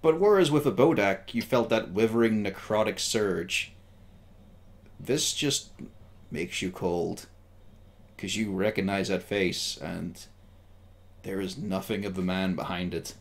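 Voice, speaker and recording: A man narrating a tabletop game as game master, with slow, hushed, eerie descriptions. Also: low-pitched.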